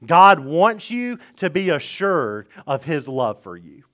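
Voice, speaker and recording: A pastor in his thirties preaches to his church. He talks in a loose, chatty way and repeats his key phrases slowly for emphasis. His voice sits a little higher than most men's. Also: big pitch swings, fairly bright tone. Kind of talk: sermon. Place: church sanctuary.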